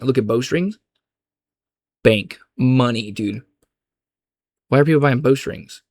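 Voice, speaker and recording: A man's voice: medium pitch, animated, slow, gravelly, pauses often, darkish tone, husky, no room sound. A young adult man in a casual, rambling gaming chat, loose and slangy, often restarting his sentences. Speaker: gaming vlogger.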